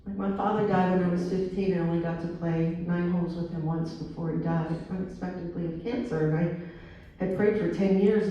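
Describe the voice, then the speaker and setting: Animated woman in her sixties telling stories. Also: on the low side, normal speed, dull audio. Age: 60s. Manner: lively storyteller acting out dialogue. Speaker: motivational speaker. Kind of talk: storytelling talk to students. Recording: very echoey hall, speaker far from mic.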